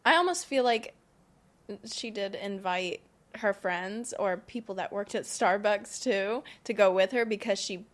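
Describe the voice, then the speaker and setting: A young woman co-hosting a casual podcast, reacting bluntly with quick outbursts. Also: mid-range voice. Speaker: podcast co-host. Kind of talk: casual chat.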